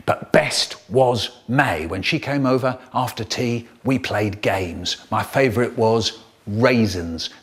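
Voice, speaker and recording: A man reading and performing comic children's poems in an expressive, playful storytelling manner. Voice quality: expressive, big swoops in pitch, playful. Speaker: children's poet reading aloud.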